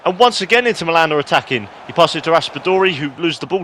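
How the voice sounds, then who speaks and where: A man commentating play-by-play over a football video game, excitable, breaking into shouts at goals and poking fun at himself between plays. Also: a little high, rapid-fire. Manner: excitable, rising to shouts on goals, self-mocking asides. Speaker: gaming YouTuber.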